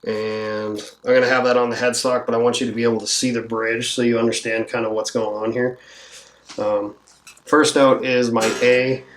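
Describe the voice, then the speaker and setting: A man who builds guitars walks through a setup at his workbench, relaxed and thinking aloud as he works. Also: medium pitch, normal speed, slight background noise. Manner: relaxed, thinking aloud while working, with fillers. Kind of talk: hands-on instructional walkthrough.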